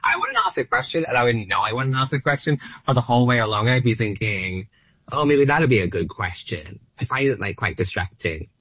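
A man's voice: mid-range voice, sing-song, quick pace, few pauses, pushed and bright, slightly rough, dry recording. A man in his late thirties with an Australian accent, chatting as a comedian guest in a rambling, self-deprecating way full of hesitations. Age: late 30s. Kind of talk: casual interview chat. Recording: dull lo-fi dry studio sound.

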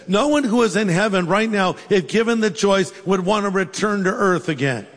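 A man's voice: sits high, animated, moderate pace, hardly any pauses, in a large hall. A man preaching a sermon as pastor, telling stories with humorous asides.

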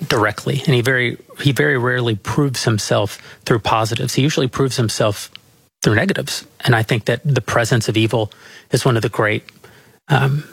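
A man interviewing, speaking in a measured, halting way and often repeating words. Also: mid-range voice, vocal fry, a bit bright, husky, no room sound. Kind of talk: reflective interview talk.

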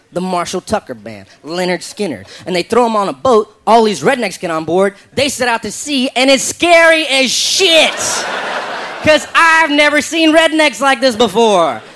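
A man's voice: high voice, sing-song, moderate pace, sharp tone. A man from South Carolina doing a stand-up comedy set, wry and incredulous as he tells a story.

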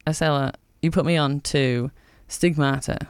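Aussie guy hosting late night radio, upbeat and chatty, clear smooth voice, dry studio sound. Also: on the high side, steady tone, normal speed, dry recording. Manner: chatty and enthusiastic, with frequent ums. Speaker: radio show host.

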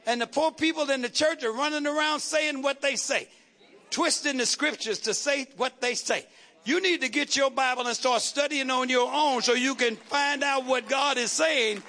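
A man's voice: very high-pitched, bright, forceful tone. A man preaching a sermon as pastor, with rhythmic repetition and call-and-response questions to the congregation.

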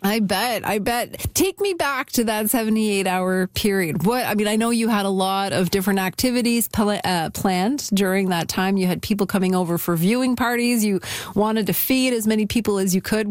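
A woman's voice: mid-range voice, moderate pace, no echo, clean studio sound. A woman radio host interviewing a guest with friendly, curious questions.

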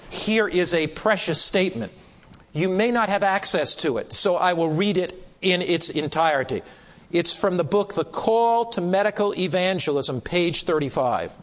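A man preaching a Bible class sermon, emphatic, repeating phrases for stress and slowing down on key words. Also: high voice, lively intonation, long reverb tail.

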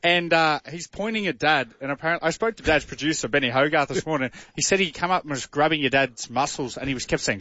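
Fast-talking young radio guy. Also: on the high side, pushed and bright, no room sound. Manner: eager, rushed, laughing anecdotes. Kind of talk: animated storytelling on radio. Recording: dull, dry studio sound.

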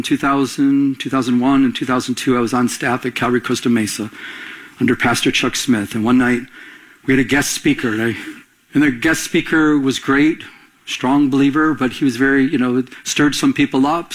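A middle-aged man preaching a sermon as a pastor. He tells stories conversationally and climbs higher in pitch when he presses a point. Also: a bit bright. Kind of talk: storytelling sermon.

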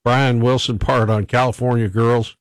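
A man's voice: mid-range voice, flat delivery, normal speed, clean tone, no echo. Male radio host, casual and chatty, laughs a lot, dry close mic. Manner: chatty, laughs often, reads listener texts. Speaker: radio morning show host.

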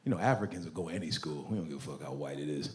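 A man's voice: a bass voice, rapid-fire. A man from the United States doing crude stand-up comedy, laughing through his lines. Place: comedy club. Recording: echoey club with crowd laughter and noise.

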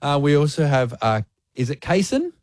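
Very low-voiced Australian woman host. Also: very animated, moderate pace, darkish tone, no room sound, clean studio sound. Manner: chatty, laughs often. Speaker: radio host. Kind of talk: casual radio chat.

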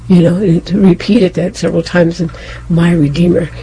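A woman's voice: on the low side, quick pace, slightly rough. A woman co-hosting a casual faith chat, telling a personal story with animation and acting out what people said. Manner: animated, acts out quotes, laughs often. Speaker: co-host.

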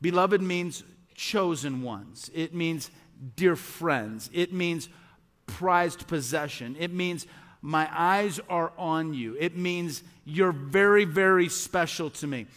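A man's voice: on the high side, slow pace, a bit bright, long reverb tail. A male pastor preaching a sermon to his congregation, earnest and repetitive, asking rhetorical questions. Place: church sanctuary.

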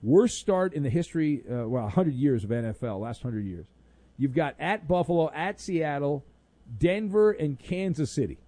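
A man's voice: on the high side, lively intonation, normal speed, mellow, no room sound. A man hosting a sports talk radio show, sarcastic and mock-exasperated with callers.

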